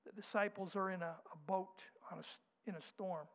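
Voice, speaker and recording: A man preaching a sermon, dropping to soft whispers and rising to loud, slow declarations. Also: high voice, steady tone. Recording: dull sound with long hall reverb.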